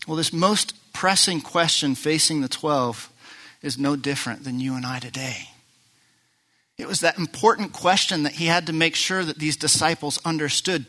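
Bright animated male preacher. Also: high voice, moderate pace. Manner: animated, acts out Bible voices, jokes with the crowd. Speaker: pastor. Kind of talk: sermon.

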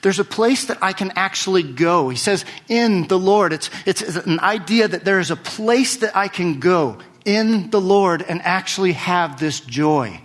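A man's voice: sits high, expressive, a little slow, few pauses. A man preaching a sermon to his church, talking conversationally and repeating words as he restarts phrases. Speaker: pastor.

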